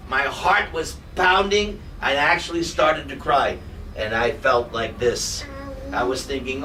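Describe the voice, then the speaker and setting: A man's voice: medium pitch, unhurried, pushed and bright. A man giving a devotional class to a group, telling humorous and emotional stories. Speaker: devotional teacher. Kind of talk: spiritual class talk with storytelling. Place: hall in front of a live group. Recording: distant mic with noisy room ambience.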